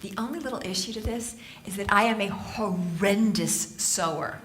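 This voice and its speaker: Animated, bright-voiced woman speaker. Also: mid-range voice, moderate pace, slight background noise. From Southern California. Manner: animated storytelling, laughing often, playful asides. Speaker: motivational speaker and author. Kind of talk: humorous inspirational talk to a live audience. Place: stage at a spiritual center, live audience.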